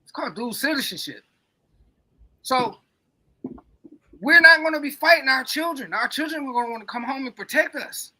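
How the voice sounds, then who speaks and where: A man's voice: very high-pitched, lively intonation, normal speed, long pauses, bright, forceful tone. A man co-hosting a podcast, rambling in casual, profane, emphatic chat. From coastal United States. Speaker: podcast co-host.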